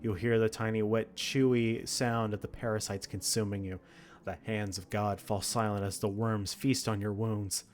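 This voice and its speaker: A man's voice: lowish voice, level tone, normal speed, a little hiss or hum. A man reading a text horror game aloud, with dramatic narration broken by laughs and reactions. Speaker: game streamer.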